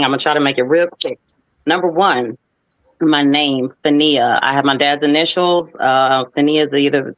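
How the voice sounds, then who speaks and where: Brief: playful, animated woman in her thirties, casual guest talk, dry muffled call audio. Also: low voice, no room sound. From United States. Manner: lively, playful, animated when retelling stories. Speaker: guest actress. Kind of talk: casual interview storytelling. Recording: dull lo-fi, dry sound.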